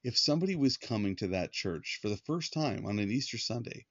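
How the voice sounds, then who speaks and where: A man's voice: mid-range voice, expressive, fairly quick, dry recording. A man hosting a podcast, teaching through a Bible passage in a conversational way, with frequent fillers and restarts. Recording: dull lo-fi dry recording.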